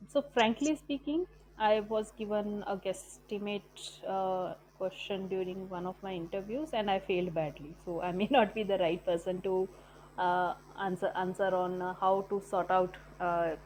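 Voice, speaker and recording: A woman's voice: mid-range voice, fairly even intonation, moderate pace, darkish tone, poor audio. A woman, giving a patient, filler-heavy talk in an online group session. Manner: explains patiently with many fillers and tag questions. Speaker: session speaker on business analysis.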